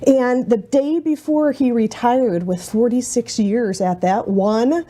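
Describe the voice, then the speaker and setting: A woman guest on a talk show, telling personal stories in an animated, easygoing way. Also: fairly high pitch, takes it slowly. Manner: animated storyteller, laughs easily. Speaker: guest author and speaker. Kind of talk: casual interview chat.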